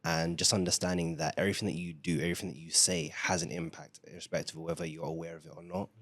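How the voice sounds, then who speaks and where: A man's voice: low voice, steady tone, quick pace, a bit bright, no room sound. A young man from the UK, a family guest on a podcast, speaking in an earnest, reflective way with many fillers. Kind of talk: casual discussion.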